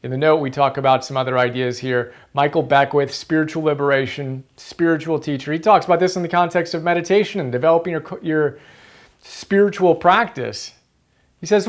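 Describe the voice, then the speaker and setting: A man's voice: on the high side, brisk. A man hosting a motivational book-summary video, earnest and emphatic, repeating key phrases for stress.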